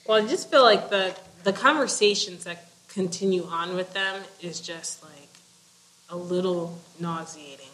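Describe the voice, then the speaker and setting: A woman's voice: on the low side, a little slow, a bit bright, low-quality recording. A woman co-hosting a casual book discussion, chatty and blunt, with lots of "like". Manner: chatty, full of "like", blunt opinions. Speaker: podcast co-host discussing a book. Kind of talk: casual chat.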